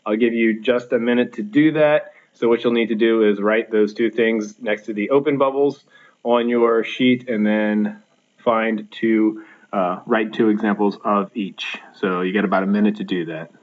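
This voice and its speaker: A man's voice: on the low side, fairly even intonation, moderate pace. Man teaching in a dull recording. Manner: plain, instructive, with frequent ums and uhs. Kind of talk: recorded video lesson.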